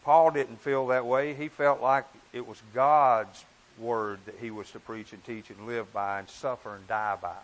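A man preaching a sermon in an earnest, emphatic way, often rising and dropping in pitch and volume. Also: fairly even intonation, measured pace, poor audio.

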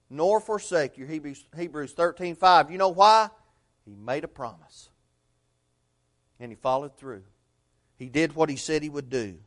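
A man preaching a sermon, telling a story earnestly and swinging between loud and hushed delivery. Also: a little high.

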